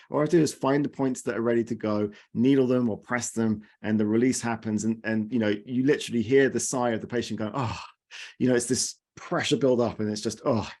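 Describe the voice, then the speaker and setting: A man's voice: mid-range voice, a little mellow. Man giving a conversational acupuncture lecture. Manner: conversational, with fillers and asides. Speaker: acupuncture teacher. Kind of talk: recorded lecture.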